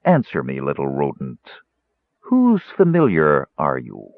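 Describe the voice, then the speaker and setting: A man voicing a stern mage in red robes, with a booming voice. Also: wildly swooping pitch, unhurried, dry recording, heavily acted. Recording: tinny phone-like sound.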